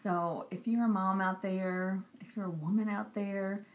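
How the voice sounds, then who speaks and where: A young woman talking earnestly and directly to camera in a personal vlog. She repeats herself for emphasis and sometimes drops into soft, whispery asides. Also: mid-range voice, fairly even intonation, unhurried. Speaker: Christian vlogger. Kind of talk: personal encouraging talk to camera.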